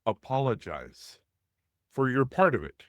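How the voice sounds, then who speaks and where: A man's voice: medium pitch, big pitch swings, measured pace, a bit bright, no echo, clean studio sound. A man in his thirties who hosts a support group, telling a candid personal story in casual conversation over a video call.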